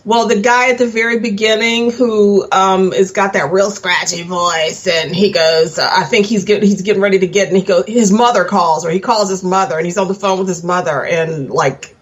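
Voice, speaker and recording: A woman's voice: mid-range voice, steady tone, moderate pace, hardly any pauses. A woman talking at length as a podcast guest, rambling and laughing at herself in casual chat. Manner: chatty, rambling, self-laughing.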